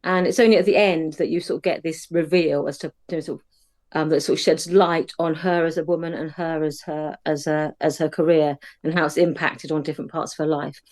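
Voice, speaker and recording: A woman giving a thoughtful, measured film summary in a casual podcast chat over a video call. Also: low voice, steady tone, darkish tone. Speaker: podcast co-host.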